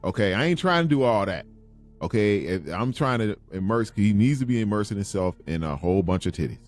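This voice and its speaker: A man's voice: fairly low pitch, expressive, brisk, faint music behind. A man co-hosting a podcast, bantering bluntly and jokingly with casual swearing. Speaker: podcast co-host.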